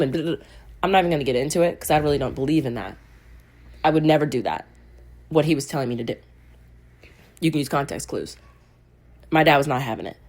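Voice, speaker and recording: A woman in her twenties casually telling a personal story, getting animated and loud as she retells being irritated. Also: brisk, pauses often. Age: 20s. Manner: animated, gets loud and high when retelling anger. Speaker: vlogger.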